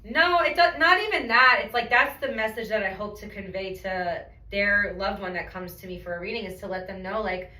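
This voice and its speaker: A woman's voice: mid-range voice, brisk, few pauses, sharp tone. A woman telling stories in a casual chat, acting out what people said. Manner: chatty storyteller, acts out quotes. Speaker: medium, podcast guest. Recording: echoey room, far from mic.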